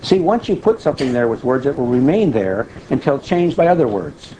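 A man delivers a sermon in a conversational teaching manner, often pausing to check in with his listeners. His voice sits in a middle pitch with a warm, mellow tone. A faint background noise runs underneath. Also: very animated, low-quality recording. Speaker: preacher.

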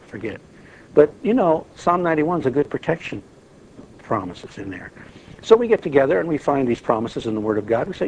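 A man leading an informal Bible study, lively and acting out prayers as he talks. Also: medium pitch, brisk, a little hiss or hum, poor audio. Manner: animated, acts out prayers and quotes.

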